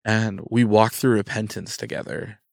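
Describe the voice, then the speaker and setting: Animated man telling a story. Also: on the low side, normal speed, vocal fry, no echo, clean studio sound. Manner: animated, acts out quotes in his story. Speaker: guest. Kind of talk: casual storytelling chat.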